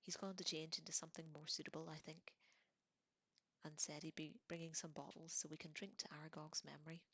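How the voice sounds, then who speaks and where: In a whispered role-play, a woman voices a polite, earnest teenage boy who consoles a friend. The whisper sits low and sounds dry and close. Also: level tone, fairly quick, fairly bright tone, slightly rough, no echo, full character voice.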